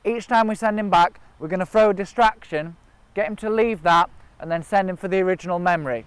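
A man's voice: high voice, fairly quick, smooth, dry recording. A man training gundogs outdoors, explaining each step in a practical way. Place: outdoors in a park and by a river.

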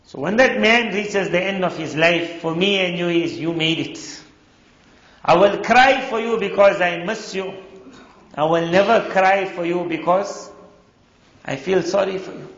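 A man preaches a sermon, his fairly high voice roughened by a gravelly edge. He tells stories and acts out the people in them. The sound is dull and lo-fi, with the long echo of a large hall. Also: a little slow, fairly bright tone. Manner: storytelling with quoted voices. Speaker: Islamic preacher.

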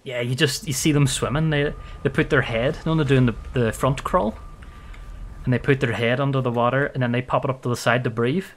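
A man streaming a game with playful, excitable commentary and frequent laughter. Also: medium pitch, brisk. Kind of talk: live gameplay commentary.

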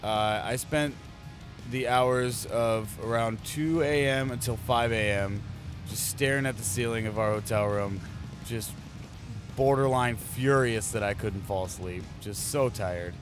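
A man's voice: medium pitch, measured pace, music in the background. A man from a touring band's crew telling a rambling, profane road story in a casual chat inside a moving van. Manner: rambling, profane, self-mocking. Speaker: touring band crew member.

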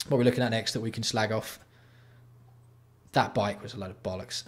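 A man's voice: lowish voice, steady tone, fairly quick. A man hosting a live stream, ranting and swearing in exasperation while reacting to products. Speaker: livestream host. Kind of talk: casual live-stream commentary.

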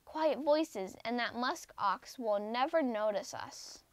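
A woman voicing a small mother lemming in a hushed whisper, reading a storybook aloud. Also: on the high side, expressive, takes it slowly, a little hiss or hum. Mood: secretive.

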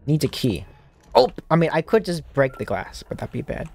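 A man talks his way through a creepy game in a loose, rambling flow full of restarts. His pitch swings widely, and soft music hums faintly behind him. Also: big pitch swings, moderate pace, gravelly. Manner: rambling, self-talking, lots of fillers and restarts. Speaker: streamer playing a horror demo disc. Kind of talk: casual let's-play commentary.

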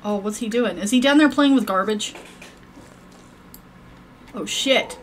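A woman's voice: mid-range voice, animated, measured pace, slight background noise. A woman giving casual, rambling gameplay commentary, swearing freely as she plays. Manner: profane, rambling, chatty. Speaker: gaming channel host.

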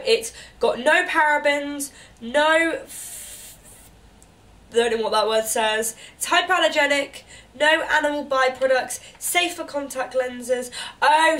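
Bubbly high-voiced woman, stuffy nose. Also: fairly bright tone. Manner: bubbly, chatty, gasps and coos at each item. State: congested with a cold. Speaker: beauty vlogger. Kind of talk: casual unboxing chat.

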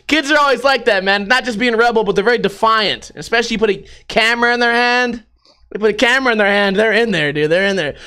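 A man delivering a casual vlog monologue, animated and full of swearing. His voice is high-pitched and bright. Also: normal speed, smooth. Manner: profane, animated storytelling with laughs. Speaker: vlogger.

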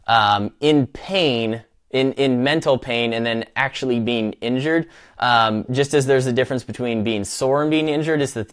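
Casual rambling male running coach. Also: mid-range voice. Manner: rambling, with many fillers and restarts. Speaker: host of a live running show. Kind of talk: casual live-stream talk.

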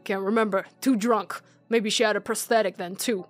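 A woman voicing a boastful, gossipy male bar patron, dropping her voice low and using a deliberately bad accent from no particular place. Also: fairly even intonation, faint music behind, close to an everyday voice. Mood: gossipy boasting.

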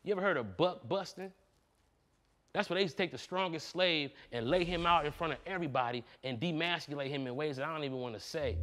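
Heated high-voiced man ranting in court. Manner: heated, animated, slangy rant. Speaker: defense attorney in improv courtroom comedy. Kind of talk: improvised comic courtroom argument.

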